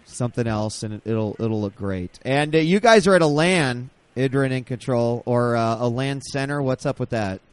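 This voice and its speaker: A man's voice: medium pitch, moderate pace, few pauses, clear, resonant tone. A man hosting a casual gaming talk show, bantering energetically and swearing freely. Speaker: host. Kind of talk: casual chat.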